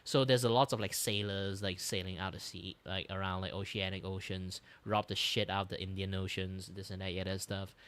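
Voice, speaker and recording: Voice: low-pitched, fairly even intonation, a little fast, hardly any pauses, a bit bright, smooth. A streamer chatting casually while reacting to a video, rambling with constant "like" fillers. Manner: rambling, heavy use of "like" fillers.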